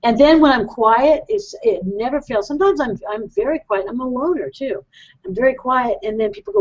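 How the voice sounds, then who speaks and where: A woman hosting a call-in show in a chatty, rambling way, often laughing at herself. Her voice sits a bit high, and the web broadcast sound is dull and lo-fi. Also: lively intonation, a little fast, darkish tone. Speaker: psychic radio host. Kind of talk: casual call-in show chat.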